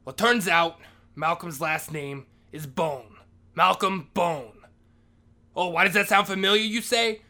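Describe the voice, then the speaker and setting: A man's voice: high voice, moderate pace, pushed and bright. A man playing a school janitor, ranting in a crude, profane comic monologue. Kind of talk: comedic monologue.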